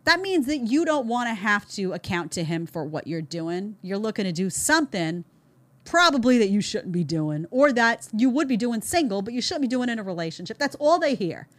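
A woman's voice: medium pitch, big pitch swings, brisk, no echo. A woman hosting a show, giving opinionated commentary in an emphatic way, with many repeated words and rhetorical questions. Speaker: show host reacting to clips.

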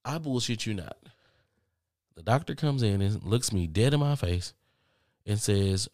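A man vlogging, telling a story casually to his viewers with lots of cursing and animated asides. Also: fairly low pitch, measured pace, long pauses, no room sound, studio quality. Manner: profane, animated, talks straight to viewers.

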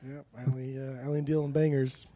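A man's voice: mid-range voice, level tone, fast talker, dark tone, dry recording. A young man co-hosting a casual podcast chat, goofy and rambling, laughing often at his own riffs. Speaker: podcast co-host.

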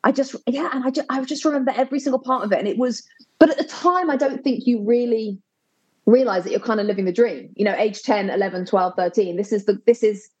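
A woman's voice: a little high, fast talker, slightly rough, dull audio. English woman telling stories on a call. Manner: lively storyteller, nostalgic, laughs often. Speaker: sports broadcaster, guest. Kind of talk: casual interview chat. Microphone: video call.

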